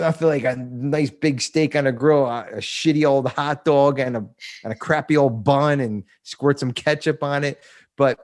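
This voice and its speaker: A medium-pitched, slightly mellow male voice belongs to a New Jersey man in his fifties. He's a guest on a podcast, speaking emotionally about recovery in a casual interview, swearing bluntly and laughing a lot.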